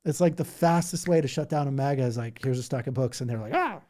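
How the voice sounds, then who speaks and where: A man with a medium-pitched, mellow voice hosts a livestream at a quick pace, casually chatting and reacting to viewer comments. He rambles, laughs, and mocks things with silly impressions.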